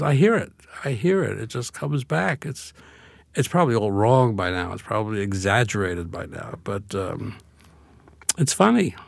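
A man's voice: mid-range voice, gravelly, dry recording. An older man from Brooklyn, speaking as an interview guest in a reflective, wry way. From Brooklyn, USA. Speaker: guest author. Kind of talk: casual interview conversation.

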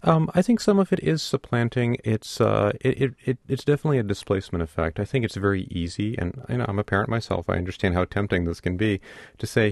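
A man's voice: fairly low pitch, lively intonation, quick pace, vocal fry, darkish tone, no room sound, studio quality. A middle-aged man, a pediatrician, explaining earnestly in an interview and often repeating words as he starts. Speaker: pediatrician guest. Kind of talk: radio interview.

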